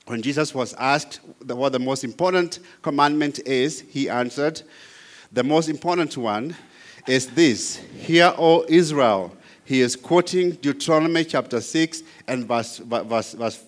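Male Bible teacher, emphatic, reads verses aloud, mid-pitched voice. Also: fairly bright tone. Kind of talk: apologetics teaching.

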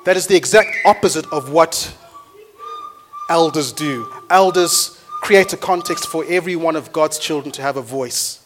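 A man, a pastor preaching a sermon to his church with energetic storytelling that rises into loud exhortation. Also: fairly high pitch, moderate pace, slight background noise. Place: church auditorium.

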